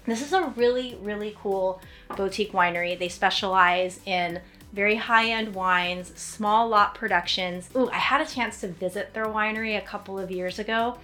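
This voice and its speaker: A woman's voice: mid-range voice, fairly bright tone. A woman hosting an author commentary segment, chatting casually and enthusiastically. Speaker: author and host. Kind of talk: casual chat.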